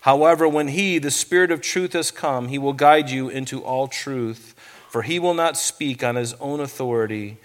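A middle-aged male pastor preaching a casual, chatty sermon. He drops into slow, weighty reading whenever he quotes scripture. His voice sits at an ordinary male pitch. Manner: conversational, reads scripture slowly with emphasis.

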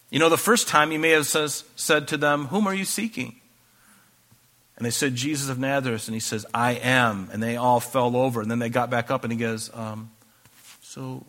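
A man's voice: mid-range voice, sharp tone. A man preaching a sermon, reading scripture aloud and breaking off into conversational asides. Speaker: pastor.

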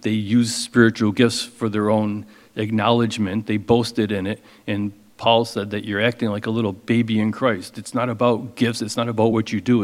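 A man preaching as a pastor, reading scripture slowly with emphasis and then explaining it in a casual, conversational way. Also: fairly low pitch, darkish tone, long reverb tail. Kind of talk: expository sermon.

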